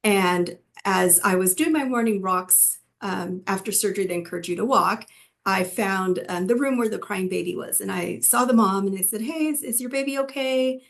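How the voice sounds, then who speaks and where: A woman's voice: medium pitch, moderate pace, gravelly. A middle-aged woman from California telling her personal story to students in a conversational way, with frequent fillers and restarts. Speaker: physician assistant and educator.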